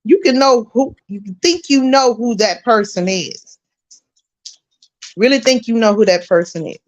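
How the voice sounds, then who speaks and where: Reflective woman, slightly high voice. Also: lively intonation, a little slow, highs cut off. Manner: reflective, restarts her thoughts. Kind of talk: casual discussion.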